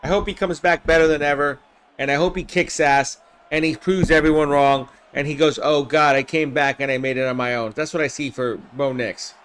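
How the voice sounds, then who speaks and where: A man hosting a live game simulation stream, calling plays with excitement, shouting on big plays and chatting with viewers by name. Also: on the high side, fairly quick, clean tone. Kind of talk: live play-by-play commentary with chat replies.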